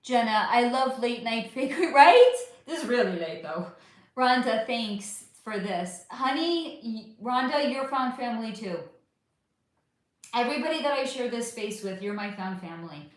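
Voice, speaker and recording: A fairly high-pitched American woman talks casually to her livestream viewers, warm in her words and quick to curse. Her voice rings around a very echoey room. She keeps calling her audience honey as she answers their comments. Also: animated. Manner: affectionate, swears freely, calls viewers honey. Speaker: livestream host. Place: at home under a bright light.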